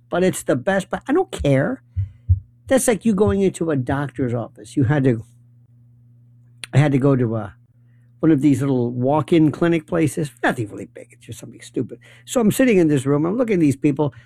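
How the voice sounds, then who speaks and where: A man's voice: on the high side, very animated, brisk, warm tone, dry recording. A man giving a sarcastic commentary monologue, acting out the voices of the people he quotes.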